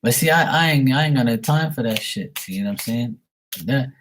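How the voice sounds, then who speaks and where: A man's voice: medium pitch, animated, normal speed, fairly bright tone, slight background noise. A man chatting casually with viewers on his live tarot stream, blunt and swearing freely.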